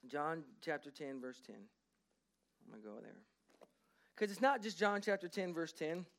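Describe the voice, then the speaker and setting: A pastor with a high-set voice delivers a church sermon. He slows right down to read scripture in a raised, emphatic voice, then shifts into quick, low-key asides to the congregation. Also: gravelly.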